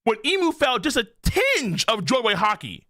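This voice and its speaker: A man streaming a live manga reaction, talking in an animated, profane way with lots of laughing asides. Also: very high-pitched, normal speed, no room sound, studio quality.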